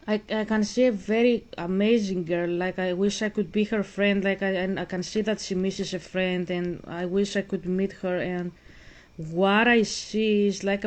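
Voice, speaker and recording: Woman streamer, earnest and preachy, mid-pitched, flat delivery. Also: normal speed, rough recording. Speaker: gaming streamer. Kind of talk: casual talk while playing a video game.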